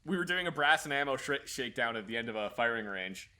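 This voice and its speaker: A young man telling casual stories, laughing often and mimicking shouted orders. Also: mid-range voice, lively intonation, fast talker. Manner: laughs often, mimics drill sergeants in bursts. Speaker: podcast co-host. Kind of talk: casual storytelling chat.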